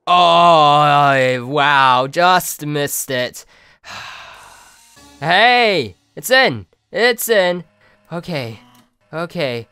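A man's voice: fairly high pitch, very slow, pushed and bright, clear, resonant tone, no echo, faint music behind. A man hosting a let's play, commenting on a game in an exasperated way and pleading with the objects on screen. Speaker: gaming video host.

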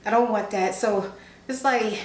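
A woman's voice: on the high side, steady tone, measured pace, reverberant, rough recording. A woman vlogger who chats casually and giggles often while reading fan messages aloud, sounding sleepy. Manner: chatty, giggly, self-teasing. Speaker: ASMR vlogger.

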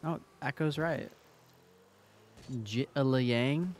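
A man's voice: medium pitch, extremely slow, a little hiss or hum. A young man streaming a game who chats casually with viewers, teasing and joking between plays. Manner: joking, teasing, chatty asides to chat while playing.

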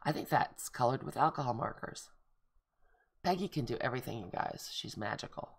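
Gushing gravelly-voiced woman crafter. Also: rumbling low, brisk. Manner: gushing, excitable, lots of oohs and gasps. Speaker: craft vlogger. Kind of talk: casual show-and-tell chat.

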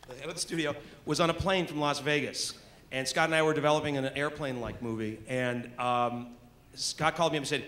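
A man's voice: mid-range voice, a little fast, fairly bright tone. A man moderating a live convention panel, telling anecdotes in a chatty way and laughing as he goes. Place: convention panel room with an audience.

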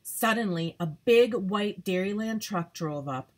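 A woman's voice: medium pitch, expressive, a little slow. A woman reading a children's storybook aloud carefully to young listeners. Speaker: troop leader reading aloud.

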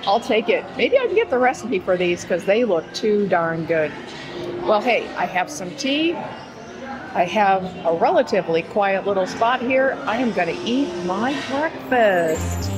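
A woman's voice: mid-range voice, expressive, measured pace, music in the background, rough recording. A woman hosting a casual food vlog, chatting enthusiastically and narrating between stops. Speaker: host of a cooking channel.

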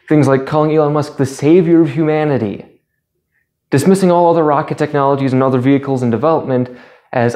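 Male host, mid-pitched, dry sarcastic commentary delivery. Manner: sarcastic, deadpan asides. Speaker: YouTube channel host.

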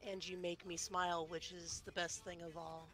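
A woman's voice: on the low side, level tone, moderate pace, a bit bright, faint music behind. A woman roleplaying in a survival game, speaking in a kind, reassuring way. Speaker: fellow roleplayer. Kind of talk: in-character roleplay chat.

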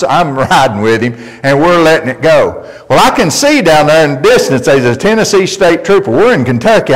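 Folksy preacher in a reverberant church. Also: male voice, a little high. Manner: emphatic, folksy storytelling preacher. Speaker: pastor. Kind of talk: sermon. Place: church sanctuary. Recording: long reverb of a church hall.

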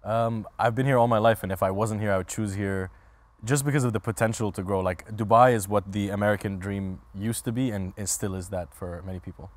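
A man's voice: lowish voice, fairly even intonation, a little fast, no room sound. A man being interviewed as a comedian guest, answering in a laid-back, hesitant way with frequent ums.

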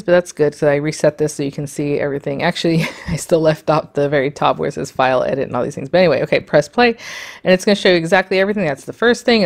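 A woman hosting an embroidery tutorial, walking through software on her screen in a chatty, rambling way with lots of fillers and small laughs. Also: low voice. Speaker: sewing and embroidery tutorial host. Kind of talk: casual screen-share tutorial.

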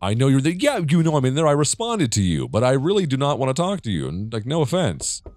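A man's voice: mid-range voice, huge pitch swings, fast talker, a little mellow, dry recording. American guy doing lets play commentary, swears a ton, voice swoops way up and down, bone dry sound. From United States. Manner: rambling, profane, jumpy reactions. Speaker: gamer.

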